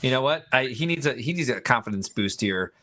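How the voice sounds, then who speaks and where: A joking man co-hosting a casual live stream, teasing his co-host and laughing easily. His voice is bright and forward, and it sits in a dry, close sound with no room echo. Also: medium pitch, expressive, a little fast. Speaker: podcast co-host.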